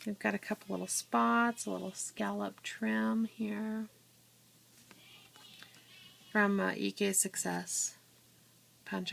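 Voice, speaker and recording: A woman giving a casual, unhurried walkthrough of a handmade scrapbook album, with many fillers and restarts, filmed on a phone at home. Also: medium pitch, creaky. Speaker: crafter showing her scrapbook album. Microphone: handheld phone camera. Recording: faint room noise, phone capture.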